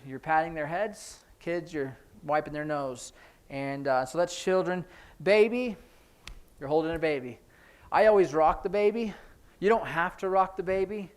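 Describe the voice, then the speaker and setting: A man teaching a casual sign language class in a church, explaining signs in a chatty, informal way with many fillers. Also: fairly high pitch.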